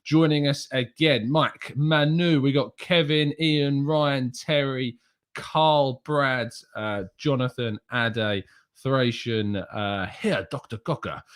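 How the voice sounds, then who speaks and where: A man's voice: medium pitch, fairly even intonation, slow, fairly bright tone, clear, resonant tone. A young man hosting a casual live stream, chatting and reading out viewers' names and comments. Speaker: host.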